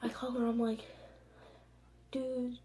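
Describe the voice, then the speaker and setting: A woman's voice: medium pitch, fairly even intonation, normal speed, warm tone, a little hiss or hum, rough recording. A young woman telling a casual storytime in her vlog, rambling with constant fillers and frequent swearing. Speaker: vlogger. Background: background music.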